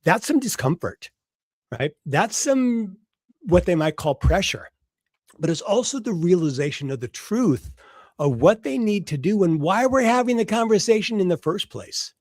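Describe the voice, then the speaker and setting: A man in his element as a guest sales coach, his voice rising and falling with lively emphasis. He keeps checking in with a quick "right?" as he makes each point. The sound is close and dry, with no room around it. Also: sits high, no room sound. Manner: emphatic, often adds "right?". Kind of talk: conversational interview answer.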